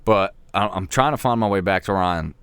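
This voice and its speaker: Profane, animated storyteller guy. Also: low voice, moderate pace, clear, resonant tone, no echo. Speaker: podcast co-host. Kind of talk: casual storytelling chat.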